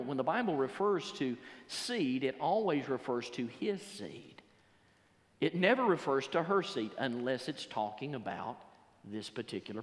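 A man preaching a sermon, quoting scripture, then stressing key words slowly and rising to loud emphatic peaks. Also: on the high side. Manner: quotes scripture and paraphrases it. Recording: long reverb of a large hall.

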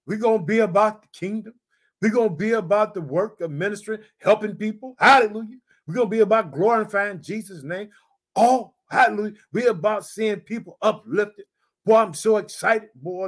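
A man preaching an exuberant podcast sermon as a pastor, repeating exclamations and breaking into shouts of praise. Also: high voice.

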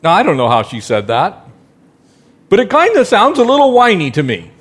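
A male pastor delivering a sermon in a high, lively voice that swings widely in pitch. He keeps firing rhetorical questions at his listeners and now and then softens into a gentle hush. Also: normal speed, slightly rough. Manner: animated preaching, rhetorical questions to the congregation; drops to a soft, gentle tone for quiet passages.

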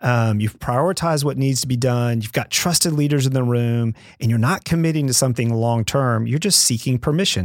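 A man on a podcast calmly explaining leadership steps in a conversational way. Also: mid-range voice, dry recording, clean studio sound. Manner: measured, explains step by step with acted-out quotes.

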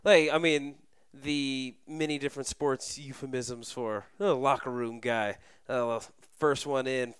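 A man's voice: medium pitch, steady tone, measured pace, smooth, no room sound. A man co-hosting a casual sports podcast, talking animatedly with lots of "like" and wry remarks. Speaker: podcast co-host.

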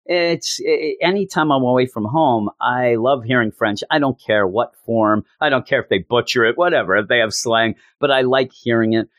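A cocky, breezy French mercenary brushes off a question in a dismissive tone, as a man puts him on. The voice sits in a middle pitch. It is recorded dry and close. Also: moderate pace, few pauses, fairly bright tone, no echo, lightly acted.

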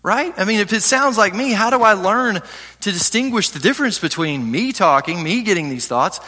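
A man preaching a sermon as pastor, reading scripture slowly and asking his listeners questions. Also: high voice. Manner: animated preaching, reads scripture slowly, asks the audience questions.

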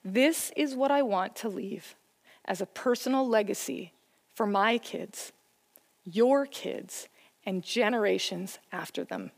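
A woman's voice: mid-range voice, slow, gravelly. A woman giving an earnest, encouraging sermon about parenting and faith, mixing scripture with personal stories. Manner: earnest, encouraging, story-telling. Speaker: church speaker on family faith. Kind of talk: sermon talk. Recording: long hall reverb.

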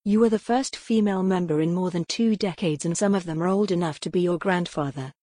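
A woman voicing a calm young man who speaks in a soothing, reassuring way in an audiobook. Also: fairly low pitch, a little fast, dry recording, clean studio sound, natural voice.

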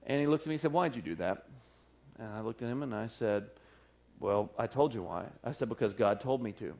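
A male pastor tells a story from the pulpit at a church service, his voice a middling pitch. He acts out the people in the story and laughs often as he goes. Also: expressive, brisk, creaky, darkish tone. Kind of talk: sermon storytelling.

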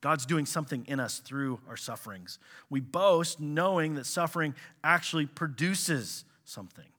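A male pastor delivering a sermon in a bright, somewhat high voice. He is animated, bursting into loud exclamations and then dropping to quiet asides. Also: moderate pace.

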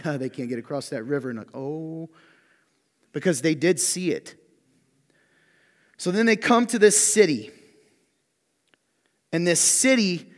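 A man preaching a sermon in a conversational, animated way with joking asides, his voice strained by allergies. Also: a little high, long reverb tail. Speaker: pastor.

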